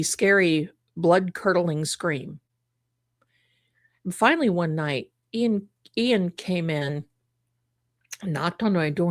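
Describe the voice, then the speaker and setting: Middle-aged woman, psychic host, casual storyteller, low voice, dry room. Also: no room sound. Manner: animated, acts out quoted voices. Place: home.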